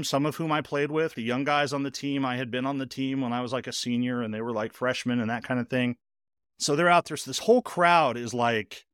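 A man's voice: medium pitch, no room sound. Dry-voiced man telling a story animatedly. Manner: animated, speeds up in bursts, heavy use of "like". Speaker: podcast host. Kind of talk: casual storytelling.

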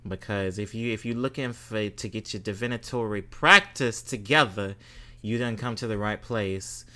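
A man's voice: fairly low pitch, normal speed, pushed and bright. A man hosting a podcast, chatting casually and reading listener reviews with playful, exclamatory bursts of emphasis. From Southern United States. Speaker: podcast host.

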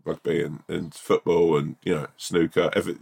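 A man's voice: a bass voice, little pitch movement, normal speed, vocal fry, darkish tone, husky. A man co-hosting a casual podcast, telling rambling hypothetical stories and laughing at them. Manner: rambling anecdotes, laughing at his own stories. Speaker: podcast co-host. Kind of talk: casual chat.

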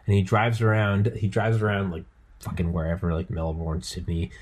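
A podcast host rambles through a story, swearing freely and jumping into loud quoted voices. His voice sits low with a husky edge. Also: completely flat delivery, normal speed. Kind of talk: casual chat.

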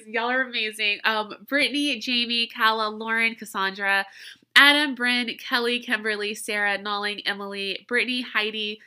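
A woman's voice: a little high, fairly even intonation, moderate pace, bright, forceful tone, clean tone. A woman, hosting a casual solo podcast, candid and emotional, congested from crying and allergies. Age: 30s. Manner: candid, emotional, swearing, laughing often. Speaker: podcast host.

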